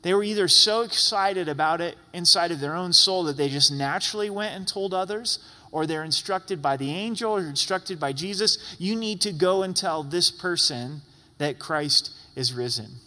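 Pastor preaching, long echoing hall. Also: male voice, high voice, normal speed. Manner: earnest preaching with sudden loud exclamations. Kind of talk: sermon.

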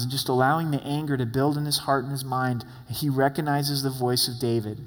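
A pastor with a medium-pitched, fairly even voice preaches an expository sermon briskly, with hardly any pauses. His style is casual and conversational, full of asides and repeated words, and a long hall reverb surrounds him.

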